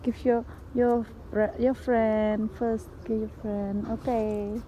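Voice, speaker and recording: Outdoors at a pagoda, a woman feeds stray animals and narrates a casual vlog in simple, non-native English, cooing coaxing baby talk to the animals. Her voice is a little high, mellow and slow with a level tone. Outdoor background noise is present, and the highs are cut off.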